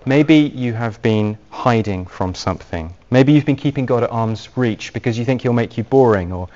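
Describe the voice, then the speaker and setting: A man preaching an evangelistic sermon, speaking earnestly and gently as he leads into a quiet prayer. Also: medium pitch, normal speed. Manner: earnest and gentle, softly paced appeals. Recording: dull lo-fi recording.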